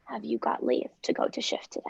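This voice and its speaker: A woman's voice: brisk, no echo, close to an everyday voice, poor audio. A woman reading the part of a weary, teasing old nurse in a table read of a play, complaining with groans and whispered asides.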